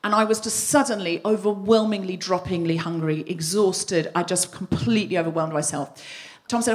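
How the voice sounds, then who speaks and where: A woman's voice: medium pitch, a little fast. A woman hosting a live comedy podcast, telling a self-mocking story and acting out her own outbursts before an audience.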